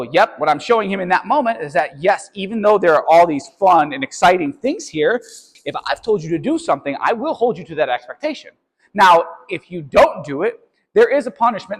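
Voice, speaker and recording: A dog trainer with a fairly high-pitched voice explains obedience step by step in an instructional training video, often checking in with "right?" and "okay?". The audio is poor and the room sounds big.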